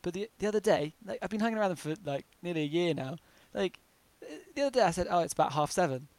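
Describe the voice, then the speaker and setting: A man's voice: sits high, animated, a little mellow, dry recording. A young man with a southern English accent chatting casually on a podcast, full of "like" fillers. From southern England. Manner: chatty, lots of "like" fillers, quick to laugh. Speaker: podcast co-host. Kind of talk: casual chat.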